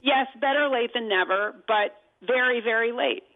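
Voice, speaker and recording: A woman's voice: fairly high pitch, moderate pace, no echo. Emphatic woman on a tinny phone line. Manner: emphatic, explanatory. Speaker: talk show guest.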